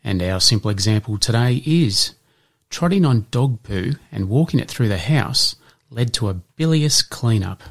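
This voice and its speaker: A man hosting an educational podcast, reading out answers in a measured way and slipping in dad jokes. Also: mid-range voice, lively intonation. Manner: measured, spells things out, slips in dad jokes. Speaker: podcast host.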